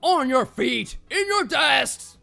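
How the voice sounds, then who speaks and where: Drill sergeant, shouting, high-pitched, bright and sharp, game read-through. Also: male voice, animated, slow pace, vocal fry, soft background music, exaggerated voice. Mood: barking. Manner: shouting, barking orders. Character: bellowing male drill sergeant, harsh, bullying.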